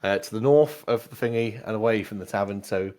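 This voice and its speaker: A man narrating a tabletop game as game master, in a relaxed, rambling way. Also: on the low side, brisk.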